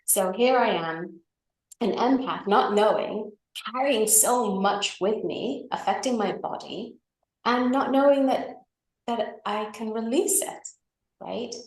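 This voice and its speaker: A woman's voice: a little high, slow pace. A middle-aged woman on a video call tells a personal story in a chatty way, often tagging her sentences with "right?" and "you know". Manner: chatty, with frequent tag questions and fillers. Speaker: guest. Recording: echoey room.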